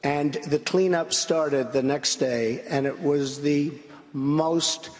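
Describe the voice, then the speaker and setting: A man's voice: on the high side, steady tone, takes it slowly, darkish tone. An older man, answering in a live debate with blunt, repetitive, emphatic phrasing. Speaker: presidential debate candidate. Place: large debate hall with audience. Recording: broadcast audio in a reverberant hall with crowd.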